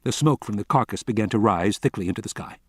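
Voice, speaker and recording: A man's voice: fairly low pitch, lively intonation, quick pace, breathy edge, no room sound. Man narrating a novel, dry close sound. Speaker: audiobook reader.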